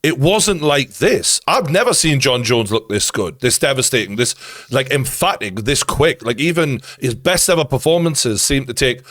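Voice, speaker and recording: A man's voice: medium pitch, very animated, normal speed, a bit bright, no room sound. Male interview host, mid-range voice, chatty and analytical, dry close sound. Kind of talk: casual interview chat.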